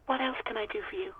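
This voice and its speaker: A woman's voice: fairly high pitch, narrow, tinny audio, a little hiss or hum, natural voice. A woman voicing a weary young former hotel clerk who talks bluntly and with exasperation.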